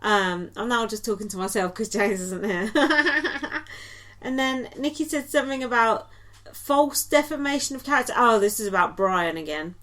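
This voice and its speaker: A woman's voice: a little high, moderate pace, a bit bright. A woman co-hosting a podcast, recapping in a casual, chatty way with lots of ums and likes and giggly asides. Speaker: podcast co-host.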